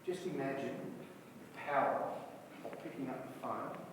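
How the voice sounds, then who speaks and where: A man's voice: medium pitch, measured pace, noisy background. Man telling stories in an echoey hall. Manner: storytelling, acts out both sides of dialogue, rhetorical questions. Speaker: speaker addressing young people. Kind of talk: motivational talk with anecdotes. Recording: echoey hall, mic far off.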